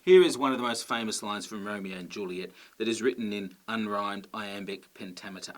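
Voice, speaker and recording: A man's voice: lowish voice, fairly quick, few pauses. Patient man explaining a grammar lesson. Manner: clear, patient explaining with check-ins. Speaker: teacher.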